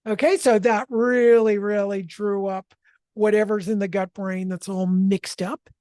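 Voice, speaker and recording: A woman leading a spoken energy healing session, explaining calmly and correcting herself as she goes. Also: medium pitch, measured pace, dry recording, clean studio sound. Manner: explanatory, self-correcting, calm.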